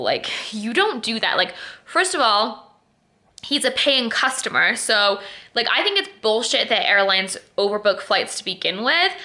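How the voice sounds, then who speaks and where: A woman's voice: mid-range voice, bright, forceful tone. A woman in her twenties talking casually to the camera at home, rambling with lots of fillers and getting indignant. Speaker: vlogger. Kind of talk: casual vlog chat. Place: home, indoors.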